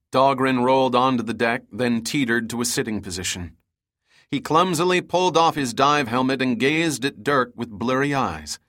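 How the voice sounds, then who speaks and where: A man reading an adventure audiobook aloud in a steady, measured narration. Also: medium pitch.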